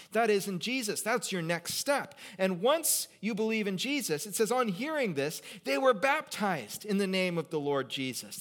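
A high-voiced male pastor delivers a lively sermon, trading loud, emphatic moments for quiet, conversational asides. He jokes with his congregation as he goes.

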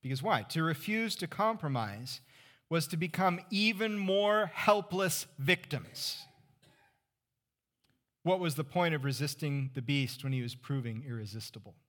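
A man preaching a sermon as pastor, conversational, asking the congregation rhetorical questions and dropping to a hush for emphasis. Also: a little high, expressive, unhurried. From California Central Valley.

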